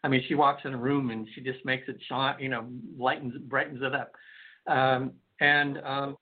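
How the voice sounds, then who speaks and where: A man's voice: medium pitch, flat delivery, moderate pace. A male hypnotherapist guest on a call-in radio show, telling stories in a rambling way with many restarts. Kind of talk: storytelling in a call-in radio interview. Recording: phone-like lo-fi line.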